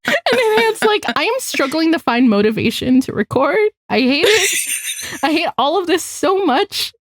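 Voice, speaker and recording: High, dramatic young woman co-host. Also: big pitch swings, moderate pace, no echo. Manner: dramatic, recounts group chats with quoted lines. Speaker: podcast co-host. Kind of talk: casual chat.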